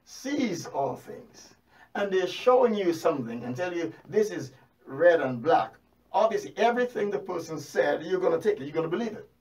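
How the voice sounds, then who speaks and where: A man with a high voice preaches a sermon, firing rhetorical questions at his listeners and repeating key phrases to drive them home. His delivery is animated. The mic sits some way off, so he sounds distant. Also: moderate pace.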